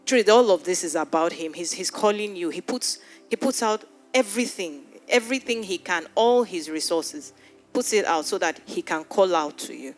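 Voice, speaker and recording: Woman pastor, earnest pleading sermon, low voice, faint music underneath. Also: lively intonation, normal speed. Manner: earnest, pleading, repeats words. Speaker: pastor leading an altar call. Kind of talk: sermon altar call and prayer. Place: church hall with live audience.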